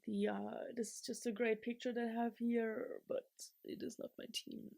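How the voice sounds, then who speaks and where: A young woman vlogger chatting casually and excitably, rambling, laughing often and swinging from whispers to shouts. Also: on the high side, moderate pace, vocal fry, few pauses, dry recording, studio quality.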